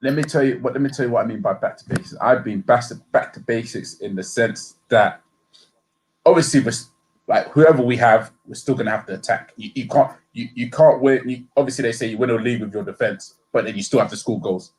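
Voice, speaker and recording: A man on a fan podcast, arguing his point in halting, repetitive bursts. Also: mid-range voice, a little mellow, rough recording. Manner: halting, repeats words, reasoned. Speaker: fan show co-host. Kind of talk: casual podcast debate.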